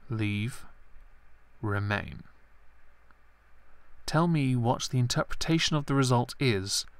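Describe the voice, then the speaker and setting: A man's voice: medium pitch, a bit bright, no echo. A man hosting a live stream, chatting about politics in a rambling, sarcastic way with self-deprecating asides. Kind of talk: casual political commentary stream.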